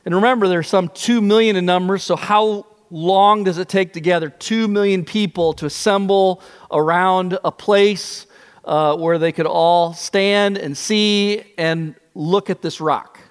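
A man preaching a sermon as pastor, telling the story in an animated way with shifting pace. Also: high-pitched, unhurried, smooth, in a large hall.

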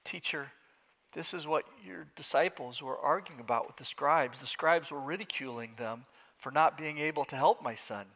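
A man's voice: high voice, expressive, normal speed, pushed and bright, pitched above the performer's own voice. A man doing a desperate, pleading father. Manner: pleading, breaking, urgent. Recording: echoey hall.

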